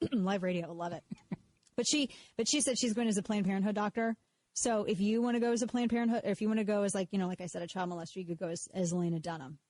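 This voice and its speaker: A woman talks on live radio in a loose, sarcastic way. She keeps cutting herself off, repeating words as she restarts her thoughts. Her voice sits at a middling pitch and is picked up close and dry in the studio, with no room sound. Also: a little mellow, dry recording. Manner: sarcastic, mocks others in put-on voices; self-interrupting, repeats words when restarting. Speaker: radio show host. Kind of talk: casual talk radio monologue.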